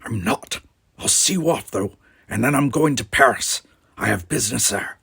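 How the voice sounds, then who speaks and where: A man voicing an earnest young man with a lifted, crisp way of speaking. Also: mid-range voice, animated, moderate pace, a bit bright, no echo, studio quality, exaggerated voice. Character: earnest young man, eager cadet hopeful.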